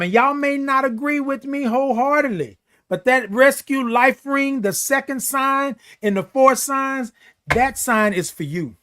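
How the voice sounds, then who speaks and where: This middle-aged man's voice is extremely high, pushed and bright as he hosts a morning live show. He delivers a preachy, emphatic pep talk, repeating key phrases and reading viewer comments aloud.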